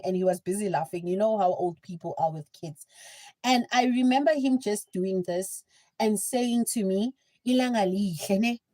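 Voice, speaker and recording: A young woman with a South African accent, telling a story in a chatty, animated livestream style. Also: medium pitch. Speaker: livestream host. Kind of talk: casual storytelling.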